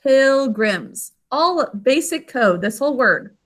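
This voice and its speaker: A woman's voice: high-pitched, expressive, slow pace, a little hiss or hum. A woman teacher leading an online phonics lesson over a video call, patiently spelling words out sound by sound. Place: remote class on a video call.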